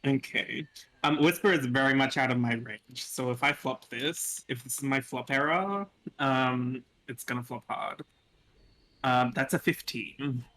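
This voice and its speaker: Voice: mid-range voice, measured pace, sharp tone. A player in a tabletop game, casual, thoughtful, asking lots of questions about the world.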